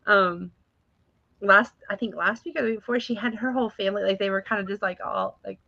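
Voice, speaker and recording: Gravelly woman on a muffled line. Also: mid-range voice, fairly even intonation, fairly quick, pushed and bright. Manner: rambling, fills with "like". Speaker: fellow livestream host. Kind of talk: casual live-stream chat. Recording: muffled lo-fi mic.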